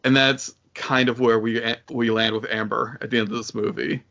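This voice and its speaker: A man's voice: mid-range voice, little pitch movement, moderate pace, gravelly, pushed and bright. A man co-hosting a podcast, recapping a show in a hesitant way with many fillers and restarts. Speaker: podcast co-host. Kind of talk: casual chat recapping a show. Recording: dull lo-fi podcast audio.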